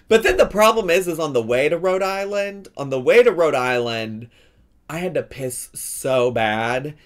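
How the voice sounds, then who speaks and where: A man commentating casually over a cooking video, chatty and swearing with sudden excited outbursts. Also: medium pitch. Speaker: host reacting to a cooking video.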